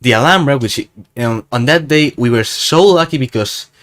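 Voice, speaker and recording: A man's voice: mid-range voice, moderate pace, fairly bright tone. A young man from Spain, chatting casually in a travel vlog in a rambling, self-mocking, jokey way. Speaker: gaming YouTuber.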